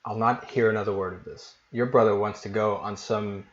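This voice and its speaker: A man's voice: on the low side, fairly even intonation, fairly quick, dull audio, close to an everyday voice. A man voicing a stern, fretful halfling mother who scolds her children in an exasperated way.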